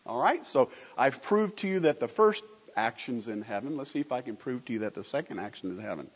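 Animated preacher in a reverberant hall. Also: male voice, mid-range voice, fairly quick, slightly rough. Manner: asks the congregation questions and answers them himself; animated, emphatic teaching. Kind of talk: sermon. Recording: muffled recording with long hall reverb.

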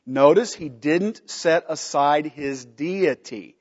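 A man's voice: a little high, slow pace, long reverb tail, highs cut off. A man teaching a Bible study from slides, emphatic, putting questions to the class and answering them himself.

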